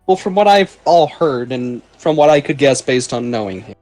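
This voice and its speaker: A man's voice: medium pitch, expressive, normal speed, darkish tone, faint music behind. A man playing a tabletop role-playing game, joking and laughing with the table. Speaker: player. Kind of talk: tabletop role-play in character.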